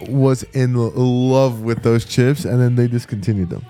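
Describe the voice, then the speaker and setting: A man's voice: mid-range voice, fairly even intonation, moderate pace, mellow. A young man, a podcast co-host, chatting casually in a laid-back way with lots of fillers. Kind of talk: casual chat.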